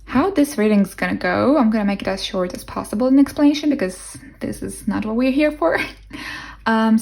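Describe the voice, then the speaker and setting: Here a young woman reads tarot in a relaxed pick-a-card style, musing aloud and often restarting or using fillers. Her English carries a non-native accent, and her mid-range voice has a darkish tone.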